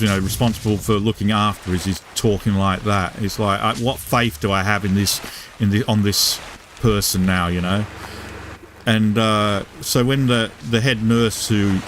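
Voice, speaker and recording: British male streamer, low voice, rambling anecdote, coarse casual talk, faint rain backdrop. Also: fairly bright tone, a little hiss or hum. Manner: casual, full of fillers and restarts, swears freely. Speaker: gaming live streamer.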